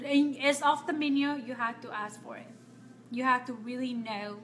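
A woman from Nicaragua, chatting casually with viewers on a live stream as a makeup artist, talkative and quick to laugh. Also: fairly high pitch, fairly even intonation, fairly bright tone, slight background noise.

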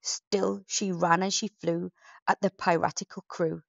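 Slow-reading woman storyteller. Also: lowish voice, little pitch movement, gravelly, no echo, lo-fi sound. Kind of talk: rhyming bedtime story narration.

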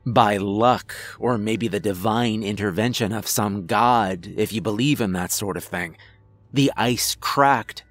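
A man narrating a first-person horror story in a measured storytelling manner. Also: fairly low pitch, fairly bright tone, no room sound, faint music behind.

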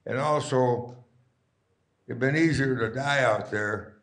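A man's voice: medium pitch, slow, fairly bright tone, roomy sound. A man in his nineties, a guest speaker, telling stories to a live audience in a rambling, chuckling, folksy way. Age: 90s.

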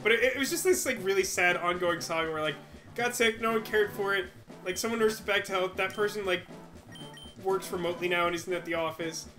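A man's voice: sits high, a little fast, sharp tone, faint music behind. A man co-hosting a let's play, chatting casually and joking, rambling with lots of "like". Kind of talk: casual chat over gameplay.

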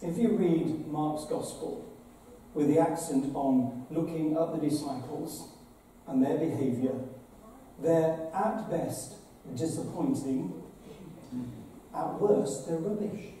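A man's voice: a little high, slow pace, mellow. A man, a bishop, giving an earnest, conversational address to an assembly, with dramatic retellings. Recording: very echoey hall, voice from far off, faint noise.

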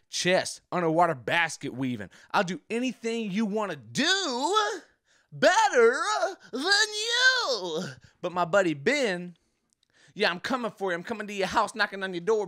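Young guy, podcast host, slightly high voice, casual rambling comic delivery, dry close-miked sound. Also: a bit bright, dry recording. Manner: rambling, jokey, does voices. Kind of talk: casual comedic monologue. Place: home game room.

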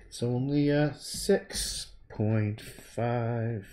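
A man's voice: medium pitch, lively intonation, measured pace. Man murmuring to himself while painting. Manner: rambling, hums and murmurs to himself. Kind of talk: thinking aloud while painting live.

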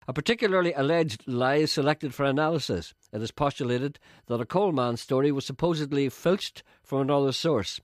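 A man's voice: medium pitch, brisk, few pauses, no echo, clean studio sound. A man hosting a radio phone-in, telling stories and teasing callers in a mock-indignant way. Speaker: radio show host. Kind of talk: radio phone-in banter and storytelling.

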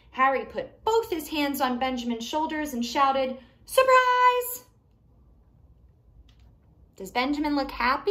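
Woman, children's storytime reader, animated, questions to kids, lively pitch. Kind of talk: reading a picture book aloud to young children.

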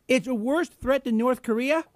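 High-voiced, indignant male political host. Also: moderate pace, dry recording. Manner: combative, sarcastic, indignant; many fillers and restarts. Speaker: host of a live internet political show. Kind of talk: political commentary rant.

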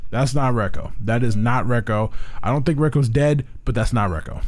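A man giving excitable let's play commentary, repeating phrases over and over and trash-talking for laughs. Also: medium pitch, moderate pace. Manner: joking trash talk. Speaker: video game player.

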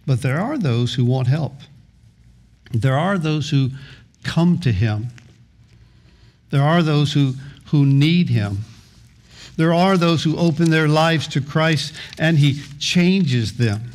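A man's voice: fairly high pitch, lively intonation, slow pace, pauses often, a little mellow. A middle-aged man preaching a sermon as pastor, earnest, often repeating and restarting words.

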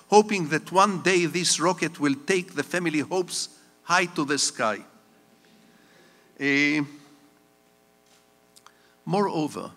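A man's voice: a little high, pushed and bright. An older man giving a public lecture as a guest speaker, a digressive storyteller with wry humor. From Israel. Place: stage of a large conference hall. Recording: long reverb of a lecture hall.

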